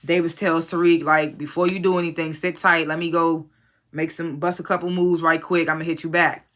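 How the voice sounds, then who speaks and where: A blunt, foul-mouthed reviewer recaps a TV episode in casual chat, dropping loosely acted quotes from the characters. The voice is bright and forceful, and its pitch sits in a middling range. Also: little pitch movement, a little fast. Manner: blunt, profane and opinionated; retells scenes, quoting characters in a loose conversational voice.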